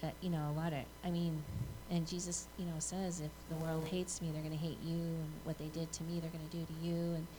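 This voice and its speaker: A woman from the audience asking a question, halting, with many ums and restarts. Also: low voice, little pitch movement, background noise.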